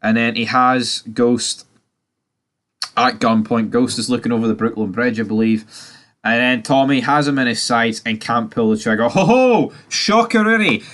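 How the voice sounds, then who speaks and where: A man talking through a TV season in a loose, casual recap. He rants and swears freely, and his voice jumps up sharply whenever something annoys him. His pitch sits in a middling range. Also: normal speed. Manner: animated, sweary ranting with sudden jumps in pitch. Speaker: TV review host.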